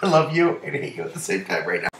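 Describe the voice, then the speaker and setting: A man's voice: low voice, very animated, fast talker, creaky, roomy sound. Dry-joking American man in noisy kitchen. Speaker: home cook among friends. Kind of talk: joking casual chat while cooking. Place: home kitchen.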